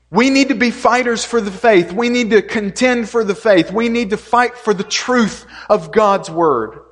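A male preacher delivering an earnest sermon, stressing points by repeating them. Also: sits high. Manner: earnest, repetitive preaching with emphatic lists. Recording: long reverb of a hall.

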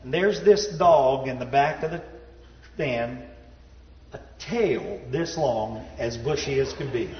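A man's voice: slow pace, slight background noise. Folksy man preaching in an echoing hall. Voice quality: folksy, self-deprecating, drops to a low hush at sad moments. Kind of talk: storytelling sermon. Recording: roomy hall reverb, dull sound.

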